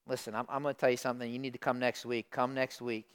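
A middle-aged man preaching a sermon as pastor, swinging from hushed asides to loud emphatic lines. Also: mid-range voice, little pitch movement, fast talker, clear, resonant tone.

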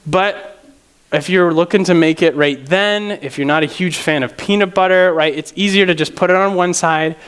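A man's voice: high-pitched, moderate pace, a bit bright, clean tone. A man preaching a casual, conversational sermon to a congregation, often tagging his sentences with "right?" and laughing at himself as he talks. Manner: chatty, tags sentences with "right?"; laughs at himself mid-story. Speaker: pastor.

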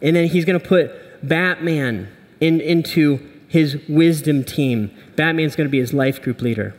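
A man's voice: on the high side, measured pace, long reverb tail. A man preaching a sermon as pastor, conversational and humorous, often checking in with "right?".

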